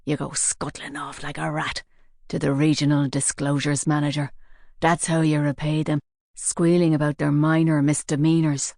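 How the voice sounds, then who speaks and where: A woman voicing a menacing male gunman with a hoarse, gravelly voice. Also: low voice, little pitch movement, moderate pace, a little mellow, no echo, clean studio sound.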